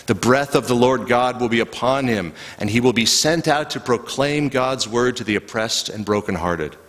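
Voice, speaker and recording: A man preaching a sermon as a pastor, telling the story in a slow, rhythmic way with long pauses. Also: mid-range voice, fairly bright tone. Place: church sanctuary. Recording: live church recording with long reverb.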